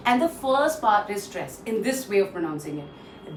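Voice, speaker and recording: A woman's voice: medium pitch, sing-song, normal speed, far from the mic. A woman giving an online pronunciation lesson. She explains and repeats each word for drill, with frequent "uh" fillers. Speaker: English pronunciation trainer. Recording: roomy echo, off-mic, faint noise.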